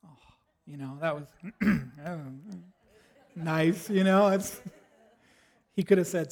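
A man's voice: on the high side, steady tone, unhurried, pauses often, a little mellow. A man in his thirties, a pastor giving a sermon in a church service in a casual, joking way. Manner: conversational, joking, self-deprecating.

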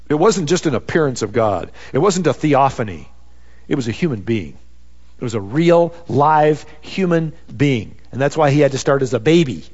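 A man preaching a sermon in a conversational way, peppered with "you know.". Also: a little high. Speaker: pastor. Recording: dull sound with long reverb.

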